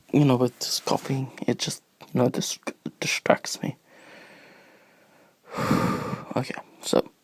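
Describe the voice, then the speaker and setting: A man's voice: medium pitch, husky, no room sound. A man with a cough talks in a rambling, easily distracted way, drifting into whispers as he addresses viewers of his video blog. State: sick with a cough. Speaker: video blogger. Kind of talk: rambling casual monologue. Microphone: phone camera.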